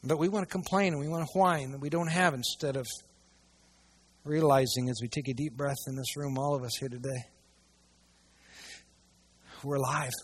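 A man preaching a sermon to a church audience, swinging between hushed asides and loud, emphatic passages. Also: medium pitch, steady tone, moderate pace, long pauses, slightly rough. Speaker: pastor.

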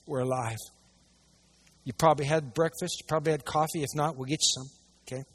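A man preaching a sermon to a church audience, swinging between hushed asides and loud, emphatic passages. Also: fairly high pitch, steady tone, brisk, slightly rough. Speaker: pastor.

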